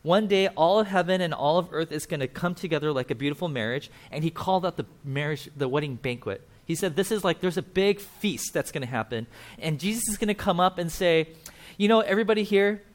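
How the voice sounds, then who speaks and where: A man's voice: on the high side, animated, a little fast. A man preaching a casual sermon, chatty and full of fillers, often acting out quoted voices. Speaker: pastor.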